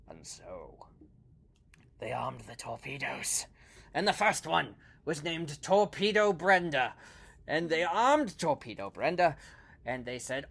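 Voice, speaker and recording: A man tells a silly children's story at an unhurried pace, his pitch bouncing widely. He keeps laughing as he goes, in a playful, easy manner. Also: sing-song, gravelly, fairly bright tone, breathy edge.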